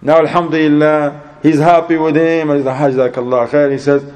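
A man giving a religious sermon in English, telling a story and acting out both sides of a conversation in a lively, rising voice. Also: on the high side, fairly quick. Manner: acts out dialogue in an animated, rising voice; non-native English with Arabic religious terms. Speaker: Islamic preacher.

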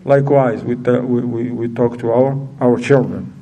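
A man's voice: medium pitch, fairly even intonation, moderate pace, dark tone. A man giving an informal religious lesson in a chatty way, asking his listeners questions as he goes. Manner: chatty, asks the audience questions. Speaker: religious teacher. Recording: distant from the mic.

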